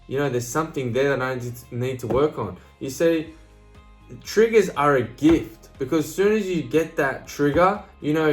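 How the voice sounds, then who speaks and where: A motivational speaker, a man with a slightly high voice, gives a casual talk to camera. He is blunt and plain-spoken, swears freely, and keeps checking in with "right?" and "you know".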